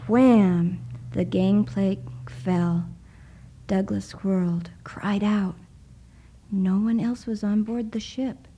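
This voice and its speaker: A woman narrates a story in a hushed, often whispered voice. She reads slowly and lingers over every phrase. Her tone is very dark and mellow. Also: mid-range voice, low-quality recording. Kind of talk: soft-spoken story reading.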